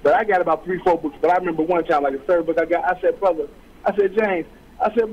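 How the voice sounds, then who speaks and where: Fast-talking animated man, muffled radio sound. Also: sits high, a little hiss or hum. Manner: animated, acts out quoted voices, streetwise slang. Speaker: guest author. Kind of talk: storytelling in an interview.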